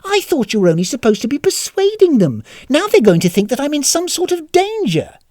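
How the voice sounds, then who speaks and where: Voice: high-pitched, wildly swooping pitch, fairly quick, darkish tone, no echo, studio quality, pitched above the performer's own voice. A storyteller voicing a prim, earnest female turtle princess who coaxes and scolds. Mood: alarmed. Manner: coaxing, scolding, sarcastic.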